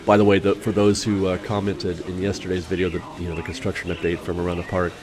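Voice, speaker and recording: A man hosting a vlog, talking casually over footage with a raspy, hoarse voice and a chatty, rambling manner full of fillers. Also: low voice, monotone, quick pace, crowd noise. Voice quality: raspy, recovering from illness. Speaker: vlog host.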